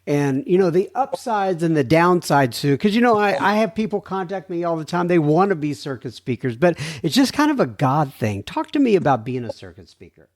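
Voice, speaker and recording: A man's voice: a little high, very animated, a little fast, few pauses. A man hosting a recovery podcast, asking questions in a friendly, loose way with many fillers. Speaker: podcast host. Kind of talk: interview chat.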